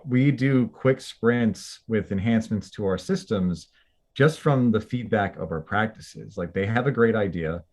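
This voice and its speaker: Low-voiced man chatting loosely on a podcast. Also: darkish tone. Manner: loose and chatty, many "like" and "you know" fillers. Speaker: company representative guest. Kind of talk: casual podcast chat.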